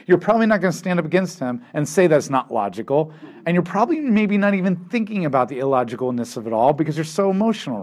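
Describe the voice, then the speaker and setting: Bible teacher, male, slightly raised pitch, lively storyteller. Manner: animated storytelling, acting out quotes.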